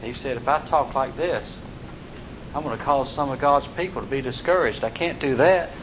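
A man preaching a sermon, reading scripture verses aloud and then explaining them in plain, folksy talk. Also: fairly high pitch. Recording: dull lo-fi recording with faint noise.

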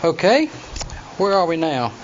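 Bible class teacher guy, fairly high voice, dull lo-fi tape w a bit of hiss. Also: very animated, measured pace. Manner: explains plainly, reads scripture aloud in King James wording. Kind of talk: Bible study lesson to a class. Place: classroom with students. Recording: dull lo-fi recording with faint noise.

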